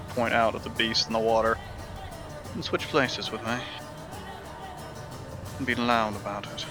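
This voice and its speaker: A man's voice: lowish voice, steady tone, a little slow, pauses often, music in the background. A man describing his character's spells as a player in a tabletop game.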